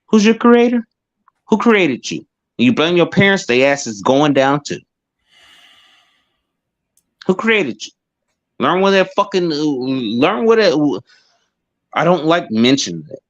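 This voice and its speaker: A man's voice: fairly high pitch, very animated, slow, long pauses. Podcast co-host, male, swears constantly and rants in a voice that swings all over; slightly muffled, lo-fi sound. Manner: profane, rambling, heated rants. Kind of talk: casual chat. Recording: dull lo-fi sound.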